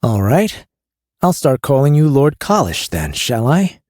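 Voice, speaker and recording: A man's voice: medium pitch, very animated, measured pace, a little mellow, no room sound, clean studio sound, pitched above the performer's own voice. A man voicing a wry, queasy young smuggler in an audiobook, with a whiny, wisecracking delivery. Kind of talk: audiobook character voice.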